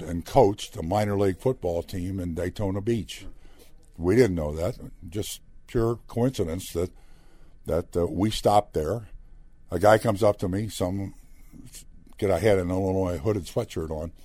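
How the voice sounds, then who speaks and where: An older man with a deep, dark voice recounts old stories as a former player appearing as a broadcast guest. It's a chatty, anecdotal interview with no echo, and he acts out the dialogue he quotes.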